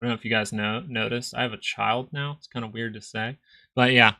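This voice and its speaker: Brisk and gravelly, this young man's mid-range voice has a sharp tone and fairly even intonation. He hosts a live stock market stream, rambling through casual chart commentary and joking with viewers.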